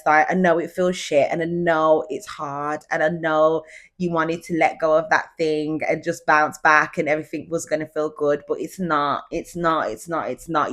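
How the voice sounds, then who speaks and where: A young woman hosts her podcast from home in a relaxed, chatty way. She speaks in a fairly low voice. She confides in her listeners as if they were friends. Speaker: podcast host. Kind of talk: casual solo podcast chat. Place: at home, indoors.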